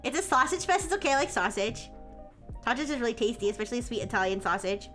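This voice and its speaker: A woman's voice: fairly high pitch, fast, fairly bright tone, soft background music. A woman livestreamer chatting casually with her viewers, giggly and rambling with many restarts. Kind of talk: casual chat with stream chat.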